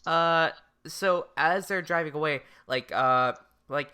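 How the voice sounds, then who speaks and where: A woman's voice: deep voice, fairly even intonation, measured pace, pushed and bright, clear, resonant tone. A woman co-hosting a casual podcast, recapping an anime with jokey asides and casual swearing. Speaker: podcast co-host.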